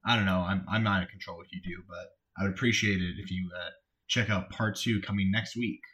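A man's voice: low voice, steady tone, brisk, fairly bright tone. A young man giving a casual podcast outro in an awkward, rambling, self-deprecating way. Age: young adult. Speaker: podcast host.

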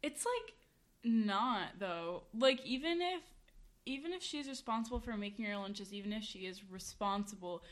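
A woman's voice: mid-range voice, lively intonation, normal speed. Young woman cohost, casual, hedging delivery. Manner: hedging, opinionated, filler-heavy. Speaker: podcast co-host. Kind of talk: casual chat.

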